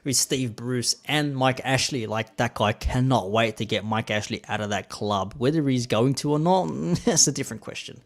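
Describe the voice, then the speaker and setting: Laid-back Australian streamer chatting. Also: male voice, mid-range voice, normal speed, hardly any pauses. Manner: relaxed, rambling, with many fillers. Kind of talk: casual live-stream chat.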